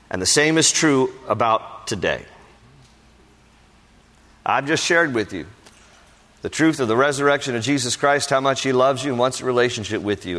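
A man's voice: a little high, fairly bright tone. Guy pastor preaching, tells stories and does the voices, big echoey church hall. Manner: storytelling, acts out quoted voices. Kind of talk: sermon. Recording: long reverb of a large hall.

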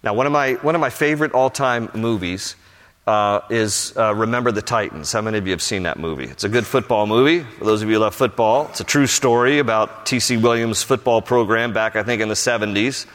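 Older pastor preaching in a reverberant hall. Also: male voice, fairly low pitch, fairly quick. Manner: animated storytelling, building to emphatic exhortation. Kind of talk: sermon.

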